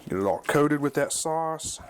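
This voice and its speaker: A man hosting his own cooking video, talking through a recipe in a relaxed, folksy, chatty way. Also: on the high side, normal speed, slight background noise. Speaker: cooking channel host. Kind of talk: casual cooking demonstration.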